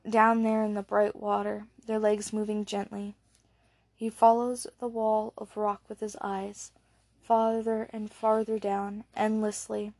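A woman narrates an audiobook with a measured, low-key delivery, her pitch staying level and flat throughout. The recording is close and dry, with no room sound.

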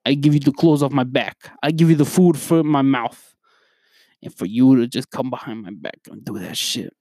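A man's voice: on the high side, a little mellow, dry recording, studio quality. A man voicing a threatening male New York mob boss with a New York accent, talking profane slang.

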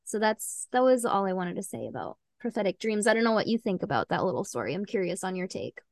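A woman's voice: mid-range voice, very animated, fast, no room sound. Young woman podcast host just chatting, rambly and filler-heavy, dry close sound. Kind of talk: casual chat.

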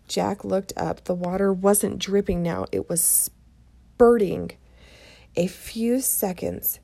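Gravelly woman reading a storybook aloud. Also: fairly low pitch, steady tone, measured pace, warm tone. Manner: chatty asides to young listeners. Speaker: storybook reader. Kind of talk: reading a children's chapter book aloud.

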